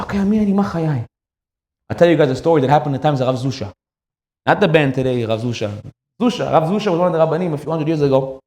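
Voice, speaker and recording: Fast-talking rabbi telling a story. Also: male voice, fairly high pitch, reverberant. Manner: animated, acts out the characters in his story. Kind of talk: storytelling sermon.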